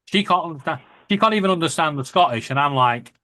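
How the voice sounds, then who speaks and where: A man's voice: a little high, expressive, fast talker, pushed and bright, no room sound. A man from Lancashire with a northern English accent, chatting casually as host and laughing often. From Lancashire, England. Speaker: podcast host. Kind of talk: casual chat.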